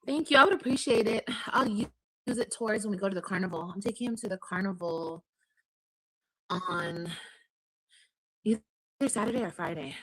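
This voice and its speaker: Chatty woman vlogger at home, kinda husky, talking to her viewers. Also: mid-range voice, moderate pace, long pauses, low-quality recording. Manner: chatty, talks to viewers and reads comments. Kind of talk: casual chat.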